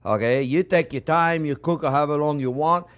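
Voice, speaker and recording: Man, middle-aged, cooking show host, animated, chatty, slightly high voice. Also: moderate pace. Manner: animated, chatty, keeps asking "okay?". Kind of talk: cooking demonstration.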